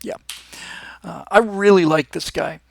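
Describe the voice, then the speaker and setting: A man's voice: high-pitched, steady tone, measured pace, creaky, no echo. A man hosting a live show, talking in a casual, enthusiastic and rambling monologue, with frequent restarts. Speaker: host.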